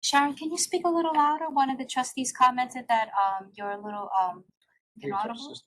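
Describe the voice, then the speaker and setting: A woman's voice: high-pitched, fairly even intonation, a little fast. A woman staff member at a board meeting, casually relaying trustees' comments to the presenter.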